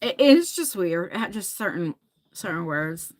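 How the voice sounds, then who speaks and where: Speaking a little slowly, this woman has a fairly low voice with big pitch swings. She's a forty-something livestream host from New Jersey, by accent, rambling casually with viewers and occasionally laughing and cursing.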